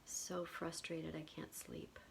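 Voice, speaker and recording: A woman guiding a tapping session in a whispered role-play, speaking slow phrases for the listener to repeat. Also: sits low, completely flat delivery, vocal fry, a little hiss or hum. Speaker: EFT tapping guide.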